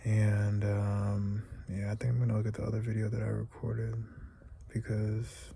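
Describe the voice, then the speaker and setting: Gravelly young man, rambling confessional. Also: fairly low pitch, completely flat delivery, moderate pace, dark tone, slight background noise. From United States. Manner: rambling, emotional, slangy, drifting into whispers. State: close to tears. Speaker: vlogger. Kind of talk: confessional vlog monologue.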